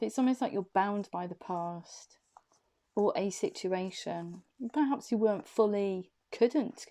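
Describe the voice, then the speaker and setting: A woman giving a loose, chatty tarot reading to her viewers, speaking in drawn-out phrases and laughing easily. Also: on the low side, dark tone. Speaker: tarot reader. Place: room indoors.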